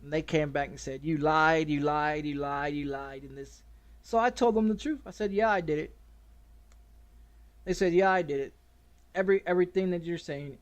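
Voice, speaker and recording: A man streaming a game while casually telling a story, swearing often and restarting his sentences. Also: a little high. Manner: profane and rambling, with many restarts.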